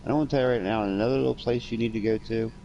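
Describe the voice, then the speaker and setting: A man's voice: mid-range voice, fairly even intonation, racing, vocal fry, highs cut off, a little hiss or hum. A man in casual chat, blunt and profane, who acts out the arguments he tells about. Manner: blunt and profane, acts out quoted confrontations loudly. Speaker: friend chatting.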